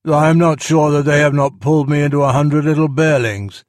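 A man voicing a big, gentle old bear in a storybook reading, loud and grave. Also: a little high, steady tone, brisk, no room sound, clean studio sound, pitched above the performer's own voice, lightly acted.

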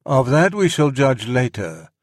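A man voicing a stern, proud panther in a storybook reading, with a dry, measured delivery. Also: medium pitch, big pitch swings, no echo, pitched above the performer's own voice.

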